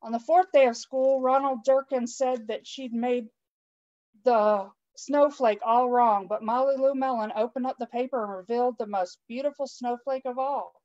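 A woman with a fairly high voice reads a children's picture book aloud, expressive and warm with the little asides she tosses to her listeners. The sound is dull and lo-fi, like online stream audio. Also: moderate pace. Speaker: guest storytime reader.

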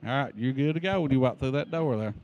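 At the prom entrance, a folksy greeter welcomes arrivals on camera, cracking jokes and giving friendly instructions. He talks at a quick pace in a mid-range, slightly mellow voice.

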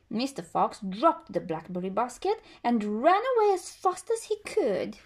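A woman reading a children's story aloud as a storyteller, slow and expressive with a sing-song delivery. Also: high voice.

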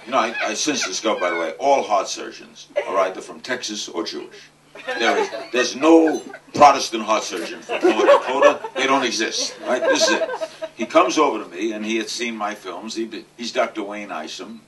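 An older man giving a comic, anecdotal speech at a charity event, delivering punchlines with deadpan timing. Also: on the low side, moderate pace, a crowd in the background. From New York. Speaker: guest speaker at a charity event. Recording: distant mic with faint noise.

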